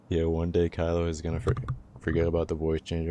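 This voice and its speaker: A man's voice: low-pitched, monotone, fast talker, dark tone, a little hiss or hum. A young man livestreaming, joking and teasing his viewers in laid-back, casual chat, often laughing.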